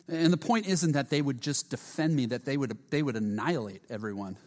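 Male preacher, earnest sermon delivery, hushed at times, stumbles over words, big reverberant room. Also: mid-range voice, fairly quick, hardly any pauses. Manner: earnest, often drops to a hushed voice; repeats words and restarts often. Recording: long hall reverb.

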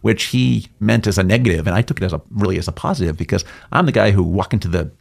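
This guest has a lowish, gravelly voice and talks fast and animatedly. A middle-aged New England business owner, he tells jokey stories in a casual interview, performing little voices with dramatic jumps.

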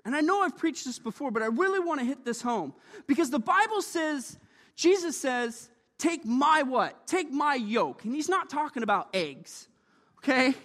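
A man preaching a sermon in a church, lively and joking, often calling for amens. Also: extremely high pitch, moderate pace, big-room sound.

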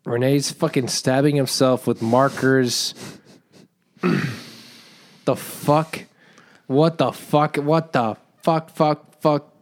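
A man's voice: medium pitch, steady tone, slow pace, long pauses. A man co-hosting a comedy podcast, rambling with lots of swearing and restarts. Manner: profane, rambling, restarts sentences. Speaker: podcast co-host. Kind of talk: casual comedic banter.

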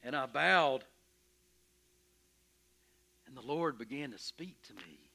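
A man playing Moses in a dramatic first-person sermon, telling his story with emphatic, expressive energy and stammering when anxious. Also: medium pitch, takes it slowly, vocal fry, exaggerated voice. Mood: earnest. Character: Moses, earnest, stubborn, curious shepherd. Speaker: preacher in character.

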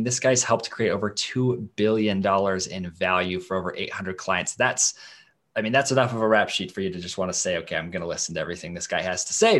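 Male podcast host, lower voice, hyped and casual interviewer. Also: a bit bright.

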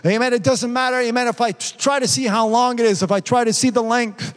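A man's voice: very high voice, steady tone, fast talker. An older man preaching a fervent sermon as pastor, constantly punctuating his points with "amen" and "praise God.". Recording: long reverb in a large hall.

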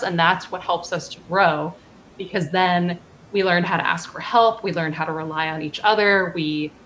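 A woman guest telling a personal story in an earnest, reflective way, with soft laughs. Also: on the low side, a little hiss or hum. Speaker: guest author and coach. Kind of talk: conversational storytelling.

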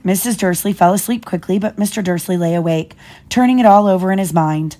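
A woman's voice: mid-range voice, fairly quick, mellow. A mother reading a children's novel aloud to her child, stopping now and then to explain things. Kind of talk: storybook read-aloud.

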